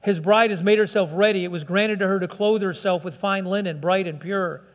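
A man's voice: high voice, fairly even intonation, fairly quick, long reverb tail. A man preaching a sermon as pastor, earnest and pleading, often restarting his phrases.

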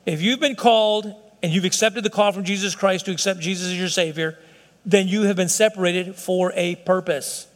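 A man's voice: sits high, fairly even intonation, moderate pace. A middle-aged man preaching a sermon to his congregation, emphatic and conversational, often acting out quotes in other voices. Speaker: pastor. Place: church sanctuary. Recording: long reverb of a hall.

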